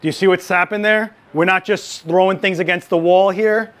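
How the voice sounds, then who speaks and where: A man running a live photography lighting demo, chatty and joking, with quick asides. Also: high-pitched, fairly even intonation, fairly bright tone. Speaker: photography instructor.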